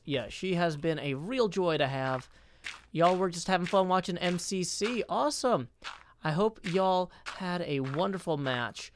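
A man chatting casually on a live stream while he builds in a game, rambling and self-deprecating, upbeat when he greets viewers. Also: a little high.

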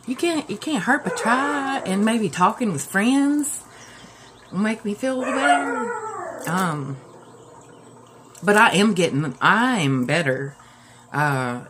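Low-voiced woman chatting through tears. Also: heavy background noise. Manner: rambling, with many fillers and restarts. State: upset, close to tears. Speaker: live-stream host. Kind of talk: casual live-stream chat.

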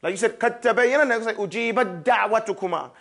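In a classroom, a man with a fairly high, pushed and bright voice teaches Quran recitation. He works through each sound slowly, repeating it several times, and frequently pauses to make sure his listeners are keeping up.

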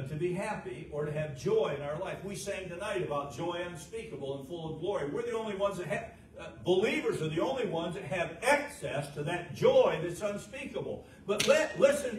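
A fervent middle-aged male pastor preaching in a folksy way, with a fairly high voice that climbs louder at its peaks and sinks low and quiet. He sounds set back from the mic in a roomy church sanctuary, with a steady noisy hiss in the recording. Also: recorded from a distance. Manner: folksy, with frequent "uh" fillers. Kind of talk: sermon.

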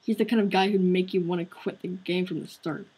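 Woman voicing a quiet sick teenage boy. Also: on the low side, steady tone, a little fast, slight background noise, natural voice, low-quality recording. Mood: weary. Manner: quiet, subdued.

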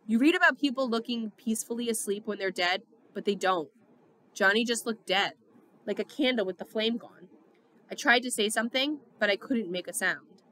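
Bright-voiced woman reading a novel aloud. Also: medium pitch. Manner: expressive storytelling. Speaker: audiobook reader.

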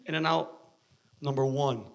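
A man's voice: medium pitch, steady tone, takes it slowly, vocal fry, background noise. A stand-up comedian from New York, ranting profanely through his set. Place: comedy stage.

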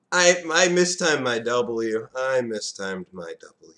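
A man casually commentating his own online match, excitable, swinging between low muttering and sudden shouts. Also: slow pace, few pauses.

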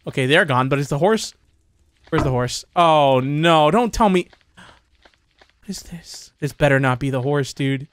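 Excitable young man gaming host. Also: on the high side, normal speed, a little hiss or hum. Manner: excitable, chatty, jumpy reactions. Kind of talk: let's-play commentary.

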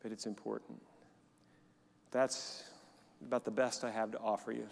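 A man's voice: on the low side, level tone, normal speed, gravelly, husky. A man preaching a sermon to his congregation, leading them in call-and-response. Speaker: pastor. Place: church sanctuary during a service. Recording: long hall reverb in a church.

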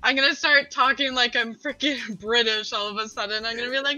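An excitable, bubbly woman, a guest player, chatting and laughing over voice chat. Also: a little high, brisk, faint music behind, rough recording. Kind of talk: casual chat while gaming.

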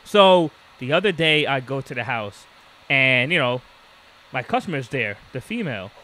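A mid-range male voice at a moderate pace belongs to a podcast co-host casually telling a story. He's an animated storyteller who acts out the voices of the people in it.

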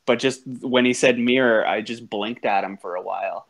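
A man hosts a loose, unscripted chat show in a mid-pitched voice. He tells stories bluntly and swears freely, with lively, animated delivery. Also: normal speed, gravelly. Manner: blunt, profane, animated anecdotes. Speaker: host and podcast teacher. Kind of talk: casual chat.

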